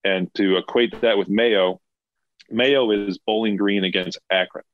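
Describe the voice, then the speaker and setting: A man's voice: fairly low pitch, fairly even intonation, unhurried. A man co-hosting a podcast in casual chat, emphatic and opinionated. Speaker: podcast co-host. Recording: dull lo-fi dry sound.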